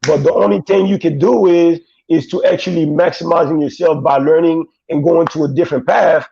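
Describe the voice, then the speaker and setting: High-voiced gravelly guy swearing a lot, dull dry lo-fi sound. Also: steady tone, brisk, dark tone. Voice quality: profane, emphatic street talk. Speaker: guest. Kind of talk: casual chat, storytelling.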